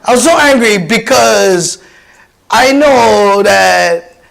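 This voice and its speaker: A man in his fifties from Hawaii with a Pidgin-tinged accent, a comedian telling personal stories in an animated, chatty keynote speech. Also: high voice, takes it slowly, vocal fry, poor audio. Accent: Hawaiian Pidgin-tinged English. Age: 50s. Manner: animated, chatty, many restarts and laughs.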